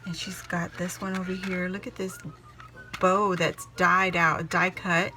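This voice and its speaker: A woman chatting to camera as she unboxes a gift, gushing and excitable, often exclaiming in delight. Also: on the low side, a little slow, music in the background, low-quality recording. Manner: gushing, excitable, repeats "oh my gosh". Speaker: craft vlogger opening a gift package. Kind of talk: casual unboxing chat to camera.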